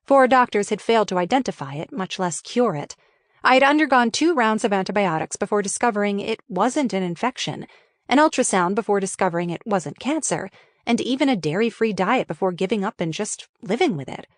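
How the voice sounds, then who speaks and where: A woman's voice: mid-range voice, lively intonation, brisk, no room sound, clean studio sound. Frank, wry woman reading her memoir.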